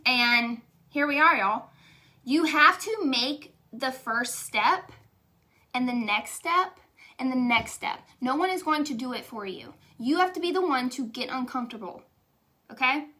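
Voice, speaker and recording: A woman's voice: sits high, expressive, a little slow, bright, forceful tone. A young woman giving a candid, emotional motivational testimonial, chatty and saying y'all. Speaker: direct sales leader.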